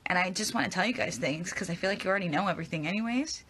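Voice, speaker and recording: A woman's voice: lowish voice, very fast, fairly bright tone, breathy edge. A young woman answering fan questions in a casual live Q&A, rambling and hesitant as she stumbles over her words. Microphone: phone at arm's length.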